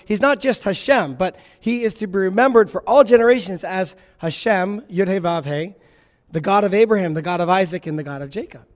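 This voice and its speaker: A messianic Jewish congregational leader preaches to his congregation in a high-pitched, fairly quick male voice, earnest and instructive. When he quotes Moses and God, his voice lifts. The recording carries a long hall reverb.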